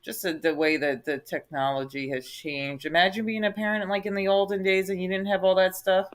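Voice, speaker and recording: A woman's voice: on the low side, fairly even intonation, a little fast. A woman hosting a casual chat, talkative and filling her speech with "like". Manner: talkative, heavy use of "like".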